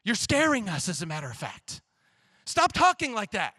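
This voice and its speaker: A man voicing a flustered male disciple, low and hushed as he protests to his teacher in a retelling. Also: wildly swooping pitch, normal speed, breathy edge, no echo, studio quality, exaggerated voice. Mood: pleading.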